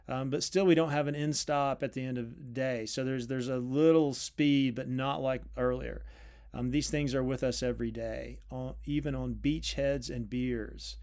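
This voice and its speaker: A man's voice: medium pitch, darkish tone. A middle-aged man giving a spoken lecture on a poem, thinking aloud with ums and small self-corrections as he reads lines out. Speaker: literature teacher.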